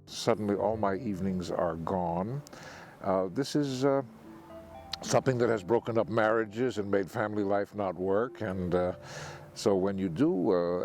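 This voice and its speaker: A man reflects on his time in theater in a measured interview voice. His voice sits fairly low. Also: darkish tone. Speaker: community theater member. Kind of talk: interview reminiscing.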